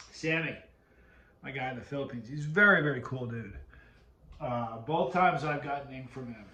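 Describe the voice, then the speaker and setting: A man's voice: medium pitch, expressive, unhurried, pauses often, bright, forceful tone, roomy sound. A man hosting his video channel, telling a rambling story to the camera and cutting himself off mid-sentence. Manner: rambling, self-interrupting storyteller. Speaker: video host.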